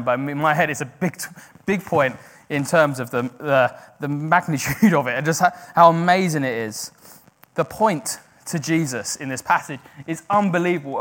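Man preaching with surging, then hushed emphasis. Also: a little high. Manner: swings from hushed, slow emphasis to loud, rising exhortation; self-correcting, with brief laughs. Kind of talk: sermon.

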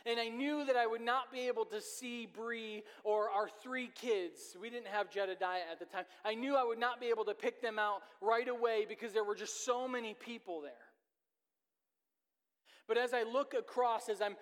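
High-voiced preacher in a reverberant church. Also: male voice, fairly even intonation, moderate pace, smooth. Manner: earnest storytelling, with sudden swings of pace. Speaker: pastor. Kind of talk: sermon. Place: church sanctuary. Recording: long reverb of a church hall.

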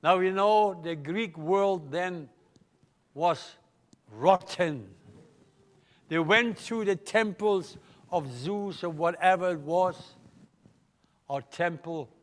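A man's voice: high voice, slow, long pauses. An older man with a German accent preaching a live sermon in church, emphatic and questioning the congregation. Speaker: pastor.

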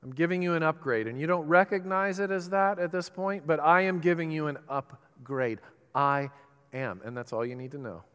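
A man preaching a sermon with dramatic pauses and rising emphasis. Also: fairly high pitch, fairly bright tone, smooth. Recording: reverberant hall.

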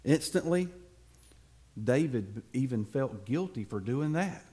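A man preacher telling a Bible story to his congregation, with playful asides to the listeners and dramatic pauses. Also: medium pitch, animated, dark tone.

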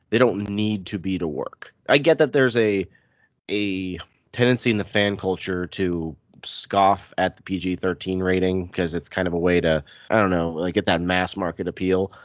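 A man's voice: low-pitched, no echo, highs cut off. A man hosting a casual podcast chat, sounding congested from a cold, talkative and self-deprecating. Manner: chatty, self-deprecating, quick asides. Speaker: podcast host.

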